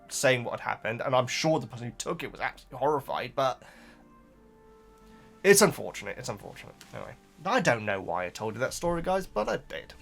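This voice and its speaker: A man's voice: medium pitch, a bit bright. A man hosting a book reaction video, chatting casually to viewers in a rambling way with frequent stammered repeats and asides.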